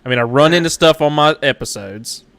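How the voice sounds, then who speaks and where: Laughing, jokey host. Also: male voice, a little high, a little fast, gravelly, a bit bright, smooth, dry recording. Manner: jokey, laughs often, self-deprecating. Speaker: webshow host. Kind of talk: casual live-stream interview.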